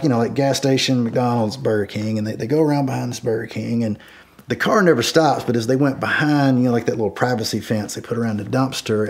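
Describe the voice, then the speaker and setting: A middle-aged man telling a personal story in a casual, rambling way, full of fillers and restarts. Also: mid-range voice. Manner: rambling, many fillers and restarts, shouts quoted lines loudly. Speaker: storyteller guest.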